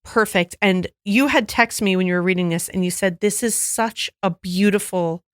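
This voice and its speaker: A woman co-hosting a casual podcast chat, telling stories with lively acted-out quotes. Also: mid-range voice, normal speed, no room sound, studio quality. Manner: animated storyteller who acts out quoted voices. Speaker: podcast co-host.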